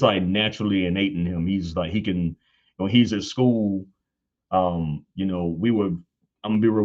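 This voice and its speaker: A man in his thirties, a guest on a church panel, telling casual stories about fatherhood with frequent laughter and high-pitched acted-out quotes. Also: lo-fi sound. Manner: animated, laughs often, acts out quotes in high voice. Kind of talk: casual storytelling.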